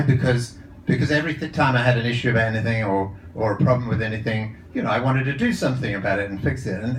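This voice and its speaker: A man with a fairly low voice speaks to a live audience about his ideas as a coach, telling stories in a chatty, rambling way full of uhs and restarts. His voice carries a roomy echo, heard from some distance off the mic, with faint noise behind. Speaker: psychologist and coach giving a talk. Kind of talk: live talk to an audience with anecdotes. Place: event room with a live audience. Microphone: handheld or lapel mic.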